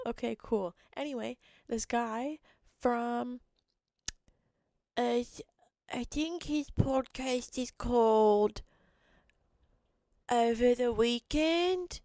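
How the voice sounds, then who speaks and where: A young woman hosting her own podcast, hoarse and rambling, jumping between thoughts and cutting herself off. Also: fairly high pitch, slow pace, pauses often, warm tone, no room sound, studio quality. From Canada. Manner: rambling, jumpy, self-interrupting. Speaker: podcast host. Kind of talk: casual solo chat.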